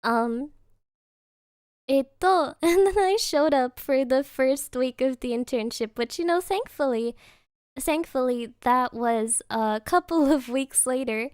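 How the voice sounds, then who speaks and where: A woman's voice: high-pitched, a little mellow, no echo, clean studio sound. A young woman VTuber streamer from Germany, telling a story in casual chat, giggling mid-sentence and dropping Japanese interjections.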